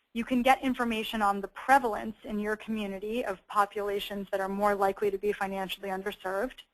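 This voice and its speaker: A young woman presents a webinar, talking her audience through a website step by step. Her voice sits at an ordinary middle pitch, and she explains in a friendly, easygoing way, dropping in plenty of ums and uhs along the way. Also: rough recording. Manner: explanatory, friendly, with frequent um and uh fillers. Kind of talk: presenting a webinar with a screen walkthrough.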